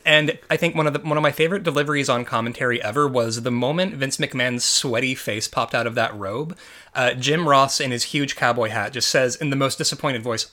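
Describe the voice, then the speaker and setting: Male podcast co-host, bright, animated delivery, rambling with fillers. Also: medium pitch, fairly quick. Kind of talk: casual chat about movies.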